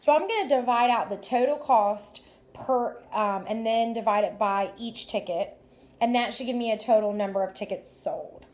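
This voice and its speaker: A woman teacher talks through math problems out loud, one step at a time. Her voice sits fairly high, and her manner is upbeat and encouraging as she praises her listeners. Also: normal speed. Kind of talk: math lesson walkthrough.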